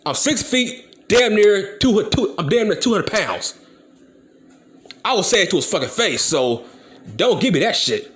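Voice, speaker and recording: A young man from Compton, California, hosts his channel with a ranting commentary video about wrestling, blunt and full of profanity. His voice sits high, a bit bright, very animated but unhurried.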